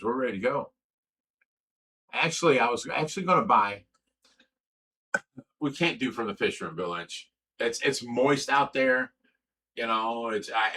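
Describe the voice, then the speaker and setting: A man's voice: medium pitch, bright, forceful tone, slight background noise, poor audio. An older man from Ohio hosting a fish rescue livestream, chatting casually and reading viewer comments with a rambling, restarting way of talking. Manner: rambling, restarts sentences, swears when angry. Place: indoor room away from the fish room.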